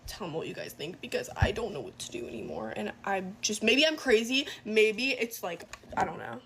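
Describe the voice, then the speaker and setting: A woman's voice: medium pitch, very animated, brisk, a bit bright, a little hiss or hum. A young woman telling a storytime to camera, rambling and unsure, full of "like". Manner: rambling, unsure, heavy use of "like".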